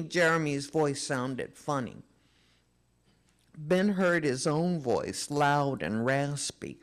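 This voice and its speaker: A reader at a memorial service reads a children's story aloud. The pace is slow and the pitch moves a lot, so it sounds expressive and lively.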